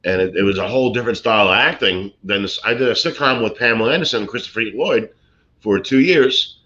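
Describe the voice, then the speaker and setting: A middle-aged man from Brooklyn tells showbiz stories in a rambling, easygoing way, circling back with restarts and fillers. His voice sits fairly low but has a tense, bright edge. The recording sounds dull and lo-fi. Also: quick pace, a little hiss or hum. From Brooklyn, USA. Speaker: actor and comedian guest. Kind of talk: casual chat, anecdotes.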